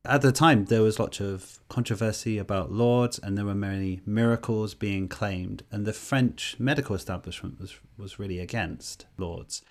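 A man co-hosting a podcast, telling a story in a casual conversational way, with animated stops and restarts. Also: lowish voice, moderate pace, hardly any pauses. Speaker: podcast co-host.

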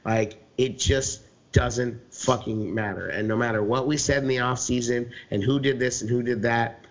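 A man's voice: mid-range voice, steady tone, moderate pace. A man co-hosting a sports podcast, ranting heatedly with lots of swearing and filler words. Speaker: podcast co-host. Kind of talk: profane sports podcast rant. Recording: dull lo-fi podcast recording.

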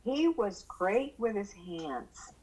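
An older woman being interviewed, telling lively stories about her son and acting out the quoted voices. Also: slow, low-quality recording. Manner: animated, acts out quoted voices with big pitch jumps. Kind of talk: casual storytelling in a conversation.

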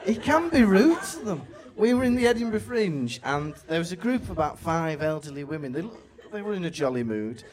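Man, North Welsh accent, live podcast co-host, higher voice, very animated pitch, chatty. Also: brisk, hardly any pauses. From Wales. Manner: animated, chatty, takes audience questions. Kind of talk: live comedy podcast chat. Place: live venue with audience.

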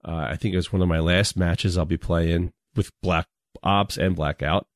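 Deep-voiced laid-back man. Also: steady tone, normal speed, no room sound, studio quality. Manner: laid-back storyteller, chuckles often. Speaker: podcast co-host. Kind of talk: casual podcast chat.

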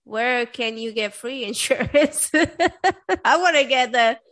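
A woman's voice: high voice, lively intonation, slow pace, a bit bright. A young woman hosting an interview, chatty and giggly with many fillers. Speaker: host. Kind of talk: casual interview chat.

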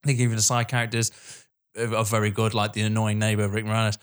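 A man's voice: fairly low pitch, monotone, quick pace, clean tone. A man co-hosting a casual film podcast, enthusiastic and swearing freely as he retells favourite scenes. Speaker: podcast co-host.

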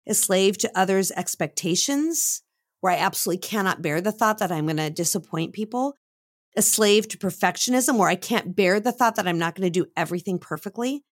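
A woman co-hosting a podcast, giving earnest devotional teaching and slowing down for emphasis. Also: medium pitch, no room sound, studio quality. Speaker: podcast co-host.

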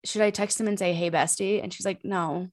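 A woman's voice: medium pitch, a little fast. Young woman co-hosting a podcast, just rambling along, laughs a lot. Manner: rambling, animated storytelling with many fillers and laughs. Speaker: podcast co-host. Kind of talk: casual chat.

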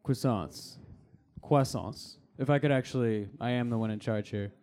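A man's voice: medium pitch, a little fast, a little mellow, close to an everyday voice. A man playing a pompous, bossy sponsor who runs a croissant distribution company, in a live improv comedy show. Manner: pompous, bossy, self-important.

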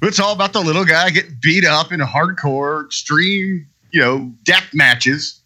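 A man's voice: fairly high pitch, a little slow, pushed and bright. A man co-hosting a wrestling podcast, giving earnest, emphatic opinions in casual chat. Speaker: podcast co-host.

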